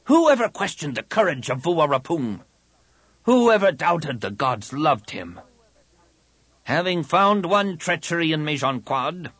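A man voicing a fierce alien warrior who shouts challenges at a crowd in an audiobook. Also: on the high side, husky, dry recording, voice pushed up, full character voice. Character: alien warrior woman, shrill, high-pitched.

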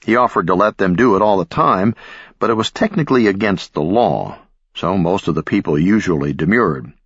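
A man narrating an audiobook in a measured, expressive storytelling manner. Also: low voice, husky, no room sound, lo-fi sound. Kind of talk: scripted narration.

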